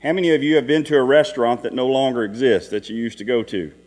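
Middle-aged male preacher, folksy storyteller, mid-pitched voice, long hall reverb and a mains hum behind. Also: fast, a little mellow. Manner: folksy storytelling with rhetorical questions. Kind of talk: Sunday evening sermon.

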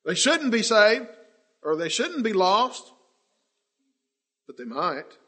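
High-voiced impassioned male preacher. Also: big pitch swings, slightly rough. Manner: impassioned, swings from loud to hushed, drawn-out emphasis. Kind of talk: sermon.

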